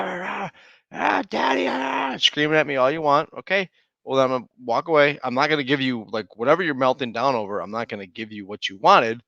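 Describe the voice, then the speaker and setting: A man's voice: medium pitch, fairly bright tone, no echo, muffled recording. A man co-hosting a podcast, talking animatedly about parenting, laughing and acting out his kids' lines. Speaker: podcast co-host. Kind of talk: casual chat.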